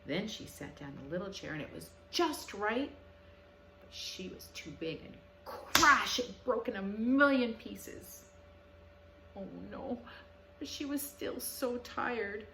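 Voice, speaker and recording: Animated slow-paced woman storyteller. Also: fairly high pitch, slight background noise. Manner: animated and expressive. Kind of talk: children's story telling. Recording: echoey room.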